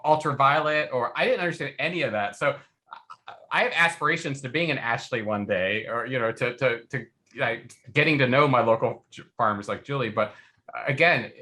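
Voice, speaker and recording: A man's voice: mid-range voice, sharp tone. A man co-hosting a podcast over a video call, telling stories in an earnest, reflective way. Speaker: podcast co-host. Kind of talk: casual video-call conversation.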